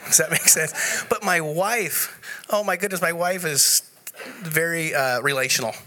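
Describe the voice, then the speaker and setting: A man speaking at a conference, telling a personal story in an animated way, often laughing as he goes. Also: on the high side, unhurried. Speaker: conference speaker sharing testimony. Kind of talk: live conference talk. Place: conference room before an audience.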